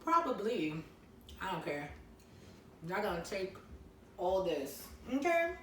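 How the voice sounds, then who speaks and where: A woman's voice: mid-range voice, sing-song, takes it slowly, fairly bright tone. A young adult woman co-hosting a podcast in casual chat, sassy and teasing. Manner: sassy, teasing, talks while eating. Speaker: podcast co-host. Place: living room couch. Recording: echoey room, mic at a distance, faint noise.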